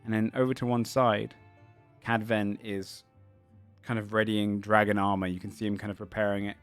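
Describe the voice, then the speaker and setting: A man's voice: fairly low pitch, level tone, normal speed, clean tone, soft background music. A man narrating a tabletop game as game master, describing scenes in a rambling way full of fillers.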